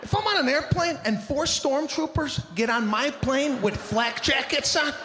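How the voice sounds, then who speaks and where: A man doing stand-up on stage, with a loud, exaggerated, shouting delivery. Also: extremely high pitch, animated, measured pace, faint music behind. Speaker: stand-up comedian. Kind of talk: stand-up routine. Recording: echoey hall with background noise.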